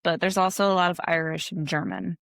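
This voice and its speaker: A woman's voice: fairly low pitch, very animated, a little fast, gravelly, fairly bright tone, no echo. Chatty Wisconsin woman, dry mic. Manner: chatty, laid-back, frequent "like" fillers. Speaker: guest. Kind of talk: casual interview chat.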